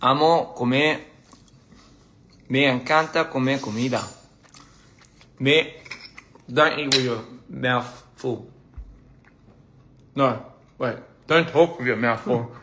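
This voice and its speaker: A man's voice: mid-range voice, slow, pauses often, sharp tone. A young man on a casual phone livestream, playfully stumbling over foreign phrases while he eats. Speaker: livestream host. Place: indoors at a meal.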